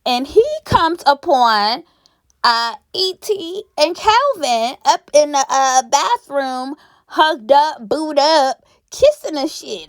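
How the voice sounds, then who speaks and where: A woman's voice: high-pitched, animated, slow, dry recording, studio quality. A young woman from Pennsylvania recapping a reality show in a sassy, gossipy, casual way, laughing often.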